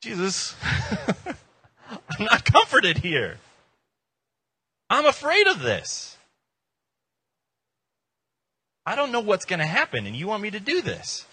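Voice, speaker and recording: A man's voice: a little high, animated, slow pace, long pauses, bright, forceful tone, husky, voice pushed up, exaggerated voice. A man speaking as a frightened believer in a sermon story, anxious and pleading. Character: nervous ordinary believer, male, afraid of a leap.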